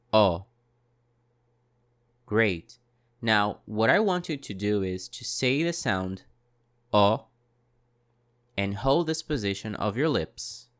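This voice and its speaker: A man leads a French pronunciation lesson, speaking in a slow, deliberate way. His voice sits a little low, and he repeats each vowel and word several times for the listener to copy. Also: a bit bright. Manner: models sounds slowly and repeats each one; brief French classroom prompts among English.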